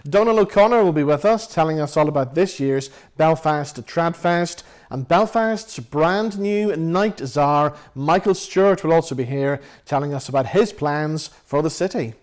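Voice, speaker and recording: A man's voice: fairly high pitch, normal speed, few pauses. Upbeat man hosting. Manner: upbeat, scripted intro then easy banter. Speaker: chat show host. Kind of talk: TV chat show hosting.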